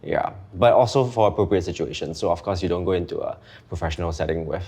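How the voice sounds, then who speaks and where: A young man from Singapore, a guest in a casual interview, relaxed and hesitant with many fillers. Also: low-pitched, quick pace, husky. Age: young adult.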